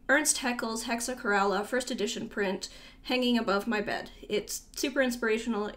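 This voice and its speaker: A woman's voice: mid-range voice, a bit bright. A young adult woman casually talking through a tour of her sketchbooks, chatty and rambling, often trailing off and correcting herself. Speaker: artist showing her sketchbook.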